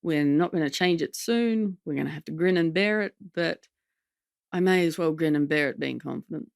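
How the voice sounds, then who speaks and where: A woman's voice: low-pitched, normal speed, gravelly, clean tone, no room sound, clean studio sound. A woman, a comedian guest telling stories in a candid podcast conversation, often slipping into impressions of others. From Australia. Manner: lively storytelling, slips into impressions of others.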